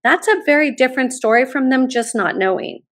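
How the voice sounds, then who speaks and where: A middle-aged woman with a somewhat high voice speaks as a podcast guest. She tells her stories in an animated, enthusiastic way. She sounds like a college admissions consultant sharing advice. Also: fairly quick. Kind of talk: podcast interview, personal storytelling.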